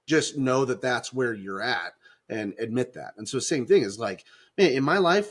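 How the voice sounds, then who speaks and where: Animated male podcast co-host. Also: medium pitch. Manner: animated, acts out quoted voices, many restarts. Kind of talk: casual faith discussion.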